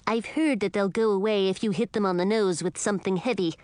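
A woman's voice: mid-range voice, brisk, a little mellow, no echo, close to an everyday voice. A woman reading an audiobook, voicing a talkative, know-it-all little male crab who rambles fussily. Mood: chatty. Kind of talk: audiobook character voice.

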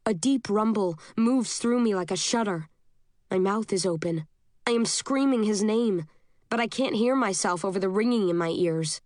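A woman reading a first-person novel aloud as an audiobook narrator, steady and measured. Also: mid-range voice, dry recording, studio quality.

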